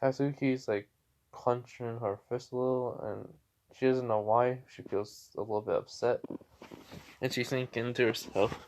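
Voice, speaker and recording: A man's voice: medium pitch, steady tone, moderate pace, a little mellow. A young man casually telling a fan fiction story, rambling with fillers and restarts.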